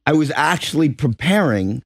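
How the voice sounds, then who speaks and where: A man's voice: fairly high pitch, lively intonation, moderate pace, slightly rough, no room sound, studio quality. A man guesting on a radio talk show, telling self-deprecating stories about his past and laughing often. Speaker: guest actor. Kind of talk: casual radio interview.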